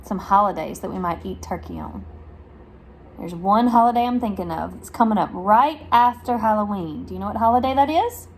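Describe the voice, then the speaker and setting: With an expressive voice, a woman speech therapist reads a picture book aloud to young children at a slow pace. She questions them, exaggerates her articulation in a sing-song style, and swings her pitch widely to praise them, over a light hiss or hum.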